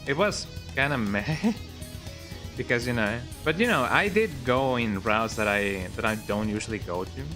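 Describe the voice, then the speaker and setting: A man streaming a video game, giving relaxed, rambling commentary with joking asides. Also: mid-range voice, unhurried. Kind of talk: casual gameplay commentary. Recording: game capture with loud music. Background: game music and sounds.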